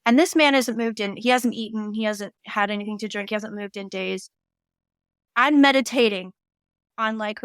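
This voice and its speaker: A woman guest on a podcast, telling a story in a casual, animated way that is full of swearing and acted-out quotes. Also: mid-range voice, normal speed, smooth, no room sound, studio quality. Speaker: guest psychic medium.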